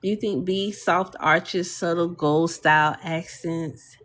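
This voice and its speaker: Streaming live from a desk at home, a woman hosts a relaxed walkthrough of a design tool. Her fairly low yet bright voice is steady and unhurried as she chats, reads viewers' comments out loud, laughs, and uses casual fillers.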